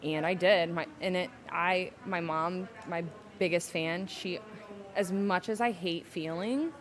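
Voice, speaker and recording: A young adult woman, a podcast guest telling her personal story candidly and emotionally, slowing down to hold back tears. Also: lowish voice, steady tone. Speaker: podcast guest, salon owner.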